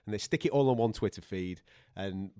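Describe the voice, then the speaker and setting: A man's voice: on the low side, a little fast, mellow, clean tone, no room sound, clean studio sound. A man hosting a boxing podcast, telling stories in a chatty way, laughing often and swearing freely. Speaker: boxing podcast host and radio presenter. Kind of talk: casual banter and storytelling.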